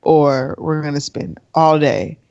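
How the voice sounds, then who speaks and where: A woman's voice: low voice, slow pace, a little mellow, no room sound. Sighing, indecisive woman podcast co-host. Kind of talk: casual chat. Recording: dry, slightly dull.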